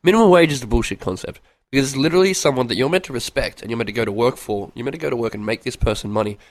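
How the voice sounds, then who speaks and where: A man's voice: medium pitch, expressive, rapid-fire, dry recording. Blunt, profane male host, dry sound. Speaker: podcast host. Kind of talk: casual chat.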